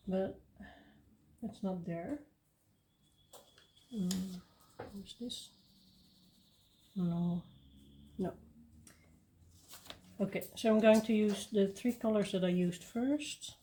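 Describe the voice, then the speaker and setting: Woman chatting slow n relaxed while she colors, mellow voice. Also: medium pitch. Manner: relaxed, unhurried, thinking aloud. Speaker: coloring video host. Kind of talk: casual coloring commentary.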